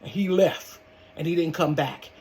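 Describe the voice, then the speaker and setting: Older woman, casual storytime vlogger in her bedroom, dramatic and animated. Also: low voice, moderate pace. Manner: animated, dramatic, calls viewers honey and baby.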